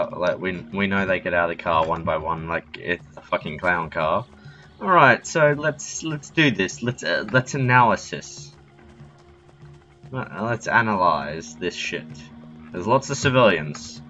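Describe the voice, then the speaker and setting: A man's voice: deep voice, unhurried, bright, forceful tone, lo-fi sound, soft background music. A man narrating his own play of a stealth game, joking, swearing and talking to himself as he goes. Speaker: gaming channel host. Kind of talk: let's play commentary.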